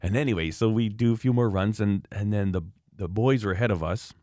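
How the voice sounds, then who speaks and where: A middle-aged man telling an animated story in casual chat, acting out other people's voices as he goes. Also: on the low side, fairly quick, no room sound, clean studio sound.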